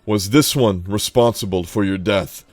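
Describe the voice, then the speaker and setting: A man voicing an ancient, stern male unicorn who speaks slowly and solemnly in a tabletop game. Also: lowish voice, no room sound, close to an everyday voice. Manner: slow, solemn, measured. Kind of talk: tabletop game role-play.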